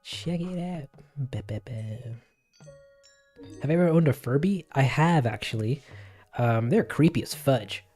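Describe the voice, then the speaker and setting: A man's voice: mid-range voice, animated, unhurried, pauses often, a little mellow, soft background music. A man chatting casually on a livestream to his viewers, rambling, giggling and poking fun at himself as he answers comments. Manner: rambling, giggly, self-deprecating.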